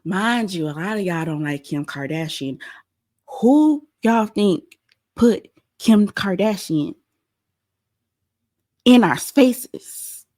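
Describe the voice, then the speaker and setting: A young adult woman hosting a pop-culture commentary show, animated and blunt, acting out quotes as she goes. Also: mid-range voice, slow, long pauses. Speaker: host.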